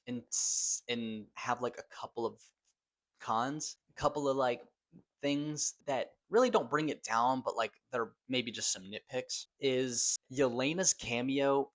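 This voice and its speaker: A man's voice: medium pitch, fairly bright tone. A man giving a casual spoken film review, gushing and loose, swearing now and then for emphasis. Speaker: movie reviewer.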